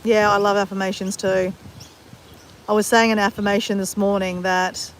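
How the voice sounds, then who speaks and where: A woman's voice: medium pitch, flat delivery, brisk, slight background noise. An Australian woman chatting casually with her live-stream viewers in a rambling, self-deprecating way.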